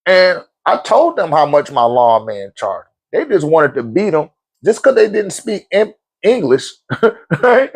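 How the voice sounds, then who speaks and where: A man hosts a casual Q&A, telling a story bluntly with plenty of swearing and frequent laughter. His voice sits a little high and moves a little slowly, with a creaky, breathy edge. He's blunt and profane, laughs often, and swings lively between moods.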